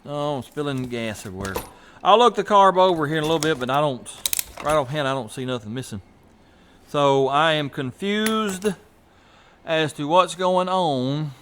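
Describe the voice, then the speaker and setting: A man's voice: fairly high pitch, expressive, normal speed, a bit bright, a little hiss or hum. A man hosts a casual garage vlog, folksy and thinking aloud as he works in a home garage. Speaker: garage channel host.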